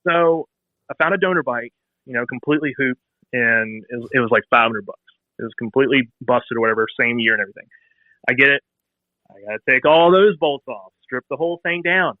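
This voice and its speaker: A man's voice: medium pitch, fairly quick, no room sound. Man, 30s, chatty interview guest acting out stories, tinny phone-line sound, dry. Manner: animated, acts out phone calls in quoted voices. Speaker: bike builder guest. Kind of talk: casual storytelling interview.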